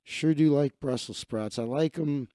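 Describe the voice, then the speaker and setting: A man rambles and swears as he hosts a casual livestream, reacting offhand to whatever scrolls past. His voice sits a bit high for a man. The sound is dry and close, with no room around it. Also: measured pace, warm tone, no room sound. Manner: rambling, profane and offhand, laughing at his own asides. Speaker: livestream host. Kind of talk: casual livestream chat, reading his feed aloud.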